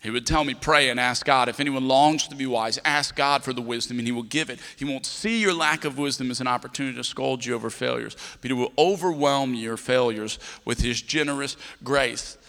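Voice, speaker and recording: A pastor preaches to a congregation, acting out the voices of each person in his story. He is a man in his thirties with a bright, forceful tone. His voice rings out with the long reverb of a large church hall. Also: mid-range voice, a little fast, few pauses. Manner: storytelling, acts out dialogue with voices. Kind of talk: sermon.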